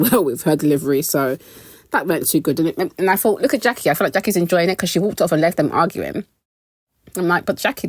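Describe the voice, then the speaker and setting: Low-voiced British woman gossiping animatedly. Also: no room sound. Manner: animated, laughing, expressive pitch jumps. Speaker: reality TV recap vlogger. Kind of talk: casual gossipy commentary.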